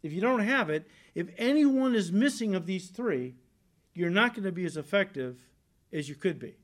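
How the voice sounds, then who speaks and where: A male pastor giving a conversational sermon, rising into emphatic bursts and dropping low and soft on solemn points. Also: expressive, moderate pace.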